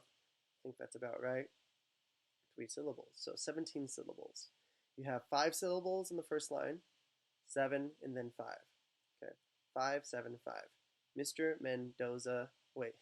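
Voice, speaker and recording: A man teaching a writing class, explaining step by step in a loose, casual way with many fillers and quick check-ins. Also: medium pitch, gravelly.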